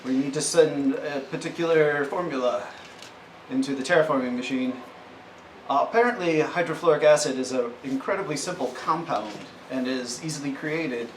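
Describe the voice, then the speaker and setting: A man's voice: on the high side, moderate pace. A man playing a tabletop game, chatting casually. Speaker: player. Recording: echoey room with faint noise.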